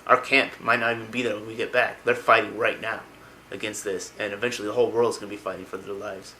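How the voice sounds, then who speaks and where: A man voicing a driven young male paladin prince who speaks urgently and insistently, a bit louder and higher than his own voice. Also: level tone, quick pace, reverberant, a little hiss or hum, poor audio.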